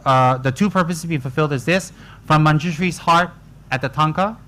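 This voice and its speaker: A man's voice: fairly high pitch, fairly bright tone, a little hiss or hum. A man giving a joking, colloquial dharma talk to retreat students. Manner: joking, teasing, colloquial asides. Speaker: Buddhist teacher.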